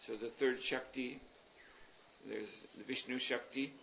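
Leading a class, this spiritual teacher works through religious concepts in a reflective, wandering manner, pausing with um and uh. His middle-pitched voice is fairly bright, fairly even in intonation, and shows vocal fry. The recording is lo-fi and dull, with a faint hiss underneath.

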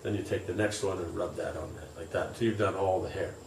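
A man's voice: deep voice, steady tone, quick pace, creaky, a little mellow, a little hiss or hum. A man reading scripture aloud and explaining it casually, with many fillers, in a distant, roomy recording. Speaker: scripture teacher. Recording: roomy, distant, faint ambience.

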